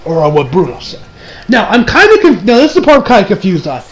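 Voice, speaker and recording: A man's voice: high-pitched, wildly swooping pitch, fast talker, rough recording. An American man, a young adult, recapping an anime episode in a rambling, profane, casual way, with many fillers and restarts. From United States. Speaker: anime reviewer.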